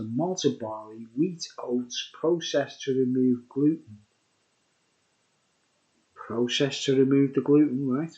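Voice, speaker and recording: A man's voice: mid-range voice, slow, pauses often, warm tone. A tipsy man rambling through a casual beer review. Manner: rambling and chatty, full of fillers. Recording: dull lo-fi recording.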